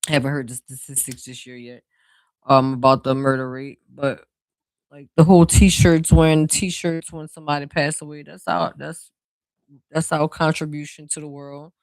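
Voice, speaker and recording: A tarot reader with a New Orleans accent gives a casual card reading and speaks straight to the listener. The phrasing is slow and drawn out, full of soft fillers. The voice sounds dry and close, with no room echo. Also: mid-range voice, steady tone. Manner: reassuring, speaks straight to the viewer.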